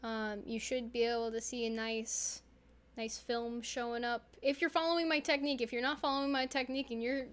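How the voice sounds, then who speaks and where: A woman's voice: on the high side, flat delivery, brisk. A young woman chatting casually while showing a tutorial, playful and rambling with little asides. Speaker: YouTuber.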